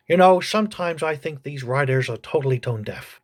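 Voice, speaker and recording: A man's voice: fairly high pitch, fairly quick. Sarcastic man cracking crude review jokes. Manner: crude, mocking deadpan jokes. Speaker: comedy reviewer.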